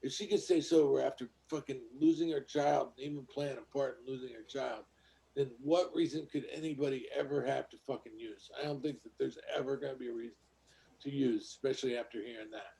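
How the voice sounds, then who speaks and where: A man's voice: mid-range voice, fairly even intonation, a little fast, creaky, mellow. A man on a casual podcast, telling blunt, profane stories about meetings and recovery. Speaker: podcast co-host.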